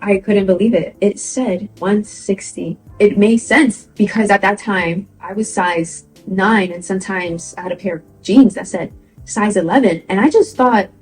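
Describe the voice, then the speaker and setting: Young woman rambling through a story on her vlog, mid pitch, laughs a lot, faint music underneath. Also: a little slow, low-quality recording. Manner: chatty and animated, laughs often, acts out quoted voices. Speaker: vlogger. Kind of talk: casual storytelling testimony.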